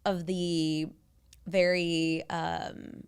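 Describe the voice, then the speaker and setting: A woman's voice: on the low side, flat delivery, drawn-out words, clear, resonant tone. A woman in her thirties co-hosts a casual podcast. She talks freely, piles up fillers, and slips into quoting herself mid-story. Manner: chatty, quotes herself, frequent "like". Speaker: podcast co-host. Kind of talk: casual chat.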